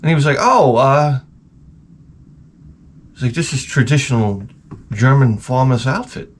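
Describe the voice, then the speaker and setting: Male video host, comic ranter who swears freely, animated pitch, talking in a garage workshop. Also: a little slow, a little hiss or hum. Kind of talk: comedic rant.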